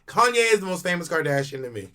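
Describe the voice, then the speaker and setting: Musing man with a slightly high voice. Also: very animated, quick pace, pushed and bright. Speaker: podcast co-host. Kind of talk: casual chat.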